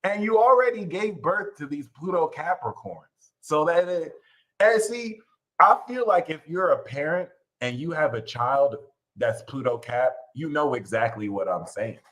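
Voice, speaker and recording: A man hosting an astrology show, ranting casually and animatedly, swearing and jumping into high mocking voices when quoting others. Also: unhurried, a bit bright, low-quality recording. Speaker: astrology channel host. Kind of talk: casual livestream rant.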